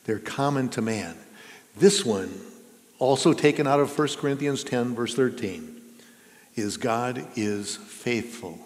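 A pastor with a medium-pitched voice preaches slowly from the sanctuary of a church. He keeps it earnest and conversational, asking questions of those listening. Reverb from the church hall fills the recording.

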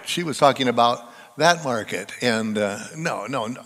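A man's voice: medium pitch, animated, normal speed, fairly bright tone. A male pastor preaching a conversational sermon in a church, putting questions to the congregation. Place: church sanctuary. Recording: reverberant church hall.

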